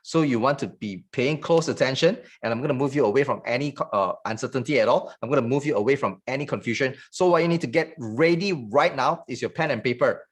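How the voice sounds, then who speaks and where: A man giving an online sales training in a fast, joking, salesy patter. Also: mid-range voice, slightly rough.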